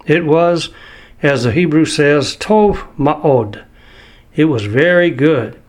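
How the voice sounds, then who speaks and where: An older man preaching a sermon, reading scripture slowly and with emphasis. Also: a little high.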